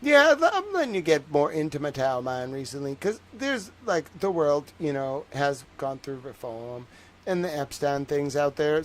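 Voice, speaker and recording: A man's voice: a little high, sing-song, normal speed. A young man with a Boston accent chatting casually on his livestream, rambling and joking, with lots of filler words. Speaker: livestream host.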